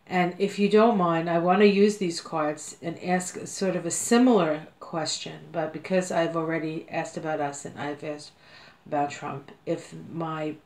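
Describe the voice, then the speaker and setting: A lower-pitched woman reads cards at home in a loose, chatty way, wandering between thoughts with plenty of fillers. The room around her is echoey and bare-sounding. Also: steady tone, unhurried, darkish tone. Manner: chatty, meandering, with frequent fillers and laughs. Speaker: card reader. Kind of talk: casual tarot-style card reading.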